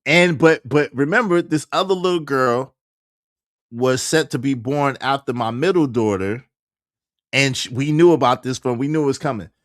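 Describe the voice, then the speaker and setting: A man's voice: mid-range voice, normal speed, no room sound, studio quality. A man, casually telling a personal story and acting out what others said, with many restarts. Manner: animated, acts out quoted dialogue, frequent restarts.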